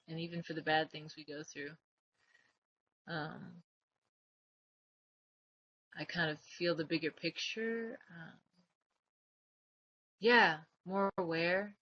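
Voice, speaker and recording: A woman reading her own heartfelt letters aloud in a personal vlog, soft, earnest and reflective, her words often trailing off quietly. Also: deep voice, highs cut off. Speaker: vlogger.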